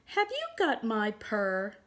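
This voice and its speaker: A woman voicing a small, sad, determined kitten with a high, plaintive voice in a storybook reading. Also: huge pitch swings, takes it slowly, a bit bright, heavily acted. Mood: pleading.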